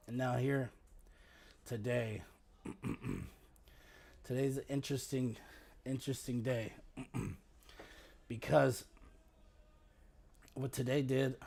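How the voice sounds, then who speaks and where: Hoarse raspy man, frequent throat clearing. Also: mid-range voice, darkish tone. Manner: halting, with many fillers and restarts. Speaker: stock market livestream host. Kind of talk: casual market commentary.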